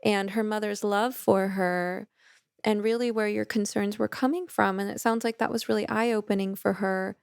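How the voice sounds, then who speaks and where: A woman, a therapist who hosts a podcast, reflecting on a guest's story in a measured, affirming way. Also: mid-range voice, fairly even intonation, creaky, clear, resonant tone, no echo, clean studio sound. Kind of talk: reflective interview commentary.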